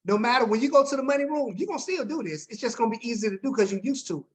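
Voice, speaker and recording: A man's voice: very high voice, lively intonation, racing. Upbeat slangy man coaching a group call. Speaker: business coach leading a team call.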